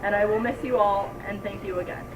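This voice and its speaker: A teenage girl gives a tearful, giggly thank-you speech, heard from a distance. Bowling alley noise hums clearly behind her. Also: medium pitch, little pitch movement, fairly quick. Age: teens. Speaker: senior student speaker.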